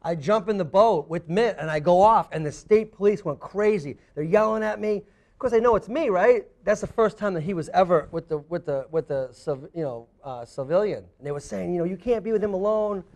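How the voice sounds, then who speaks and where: Brief: high-pitched middle-aged male talk-show guest, excitable storyteller who keeps cracking himself up. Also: a little fast. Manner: excitable, laughs through his stories. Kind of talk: animated storytelling. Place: TV studio with live audience.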